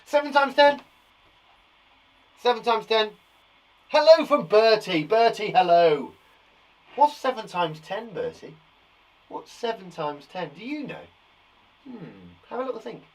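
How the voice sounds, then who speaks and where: A young man leads a live maths lesson for small children, his voice sitting a little high for a man. He reassures them often and works each sum out aloud. His manner is warm and encouraging. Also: slight background noise. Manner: encouraging, reassuring, thinks aloud while counting. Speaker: teacher.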